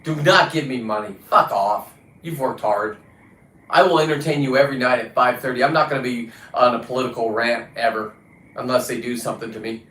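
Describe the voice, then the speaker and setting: A combative man rants on his livestream, swearing freely and swinging between loud outbursts and quiet mutters. His voice sits at an ordinary middle pitch, and it carries a roomy echo around it. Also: a little fast. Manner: combative, swearing, shifts pitch and volume a lot. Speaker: livestream host. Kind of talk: casual profane rant.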